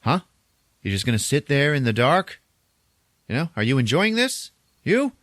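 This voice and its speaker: A man's voice: medium pitch, very animated, moderate pace, a bit bright, no echo, studio quality, pitched above the performer's own voice. A man voicing a goading adult male prisoner who mocks whoever is watching him, quoted during a casual podcast movie recap. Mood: taunting. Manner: mocking, goading questions. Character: taunting adult man in a dark interrogation room.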